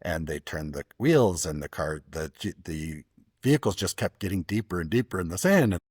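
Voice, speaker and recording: Low-voiced man hosting a podcast. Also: lively intonation, normal speed, husky, no room sound, studio quality. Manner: thoughtful, hesitant restarts, storytelling. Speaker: podcast host. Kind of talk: casual interview.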